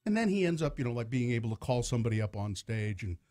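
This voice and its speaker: Animated man telling a story on radio. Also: mid-range voice, quick pace. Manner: storytelling, animated, laughs often. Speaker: radio show host. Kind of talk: casual radio talk. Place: radio studio.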